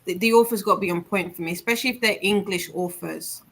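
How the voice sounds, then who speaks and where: A woman's voice: mid-range voice, quick pace, fairly bright tone. Woman, casual livestream chatter, wanders mid-sentence, faint background hiss. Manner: rambling, searches for words. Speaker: book club livestream participant. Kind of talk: casual chat.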